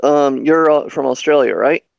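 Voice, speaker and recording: A man's voice: medium pitch, moderate pace, gravelly, no echo, dull audio. A man chatting casually on a live stream, curious and asking questions. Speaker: stream guest. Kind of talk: casual chat.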